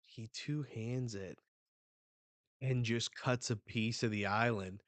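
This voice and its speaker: Young male manga reactor, unhurried, dry room, blurts and swears. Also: medium pitch, no echo. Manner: excitable, swears, reads panels aloud. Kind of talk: live reading reaction.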